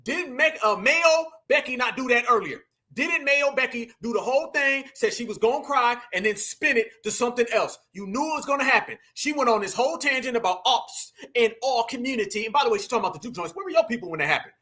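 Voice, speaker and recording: A man's voice: very high-pitched, lively intonation, fast, few pauses, bright, forceful tone. A man hosting a reaction commentary, talking to viewers as family in a mocking, emphatic way. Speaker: commentary channel host.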